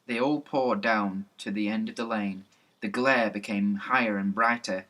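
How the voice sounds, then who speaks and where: A man reads a children's storybook aloud with lively, even narration. His voice sits on the low side but comes through bright and crisp. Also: normal speed. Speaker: reader. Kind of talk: storybook reading.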